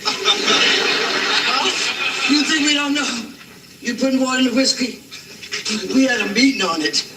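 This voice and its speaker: A man's voice: very high voice, unhurried, long pauses, heavy background noise. An actor playing a boisterous drunk man at a bar, slurring and laughing, heard as an echoey TV clip from across a room. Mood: drunken indignant. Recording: TV clip played through a room, distant and echoey.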